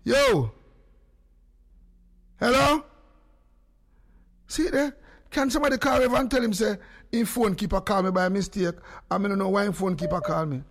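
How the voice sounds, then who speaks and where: A Jamaican man hosting a radio live stream, excitable and quick, calling hello again and again. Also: high voice. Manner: excitable, rapid, calls hello over and over. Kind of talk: casual live-stream chat.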